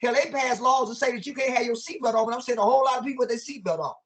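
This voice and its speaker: A man's voice: extremely high pitch, very fast, fairly bright tone. Male educator guest; emphatic, sermon-like teaching delivery with lots of rhetorical questions and casual vernacular phrasing. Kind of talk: impassioned conversational teaching.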